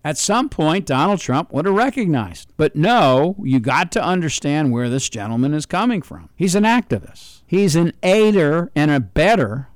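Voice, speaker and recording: A man's voice: on the high side, expressive, normal speed, hardly any pauses, no room sound, studio quality. An older man hosting a show, giving political commentary in an emphatic monologue and repeating words for stress. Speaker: radio show host.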